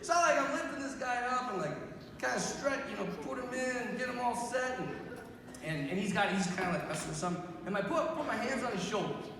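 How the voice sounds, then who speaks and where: A priest in his thirties telling a story to young people, animated, laughing and acting out what people said. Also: very high voice, fairly quick, a crowd in the background. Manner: animated, acts out quotes, laughs often. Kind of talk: youth retreat talk, storytelling. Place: large hall. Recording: echoey hall from far off.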